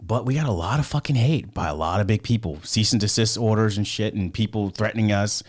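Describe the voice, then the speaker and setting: This American podcast guest has a voice on the low side and a fairly quick delivery. He swears nonstop while telling rambling stories in casual talk.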